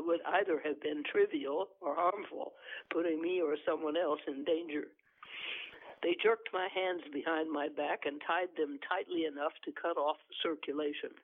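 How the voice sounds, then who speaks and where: A man reads his own novel aloud in measured first-person narration, then chats about the plot, sometimes correcting himself. His voice sits a bit higher than most men's and has a gravelly texture. Everything comes through a tinny, phone-like line. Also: animated. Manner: measured reading, with occasional self-corrections. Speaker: author reading his novel. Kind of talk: book reading and phone interview.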